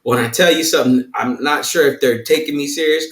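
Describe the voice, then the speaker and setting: A man's voice: mid-range voice, fast talker, roomy sound, crowd noise. A man, a guest in a candid discussion who talks in a playful way and often restarts his sentences. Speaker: podcast guest.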